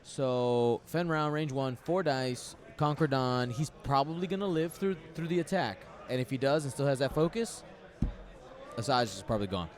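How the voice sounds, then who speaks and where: A man's voice: mid-range voice, moderate pace. A man commentating a tabletop game match live, chatty and thinking aloud, often repeating himself.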